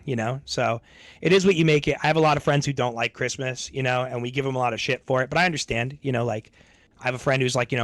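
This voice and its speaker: Man, streamer, casual rambling chat, swears a lot, mid pitch, dry close sound. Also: fast talker, a bit bright, no room sound. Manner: rambling, laid-back, swears often. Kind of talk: casual chat to a livestream audience.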